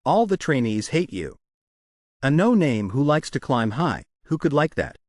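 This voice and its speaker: A man's voice: mid-range voice, very animated, measured pace, dry recording, studio quality. A man voicing a brutal, arrogant young male trainee who sneers with contempt, read as part of a recap narration. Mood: contemptuous.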